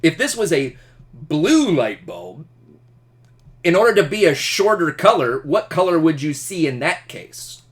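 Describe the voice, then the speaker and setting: Lively, jokey male teacher. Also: a little high, unhurried. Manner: animated, jokey, asks the class questions. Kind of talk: classroom lecture.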